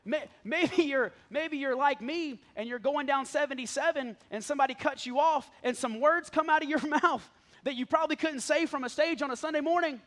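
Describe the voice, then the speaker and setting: A man's voice: very high-pitched, brisk, fairly bright tone. A young adult man, a pastor, preaching a sermon in a church, joking and talking straight to the congregation. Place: church stage before a live congregation.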